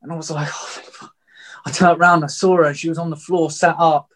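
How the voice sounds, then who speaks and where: A man's voice: a little high, flat delivery, quick pace. A young man recounting a story in loose, blunt, casual talk, swearing freely and leaning on filler words. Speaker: guest telling a story.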